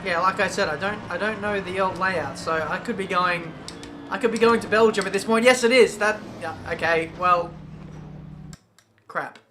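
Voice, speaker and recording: A young gaming YouTuber with a high voice gives casual, self-mocking commentary while playing a racing game, with music in the background. He's chatty, throws out quick exclamations, and game audio and engine noise run behind him.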